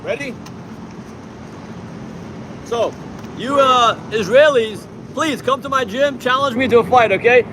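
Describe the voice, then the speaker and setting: A man's voice: very high voice, unhurried, pauses often, background noise. A young man from Iran livestreaming from a street protest on a handheld phone, chatting boastfully and combatively with his viewers. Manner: boastful and combative, addresses chat directly. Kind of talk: casual livestream chat.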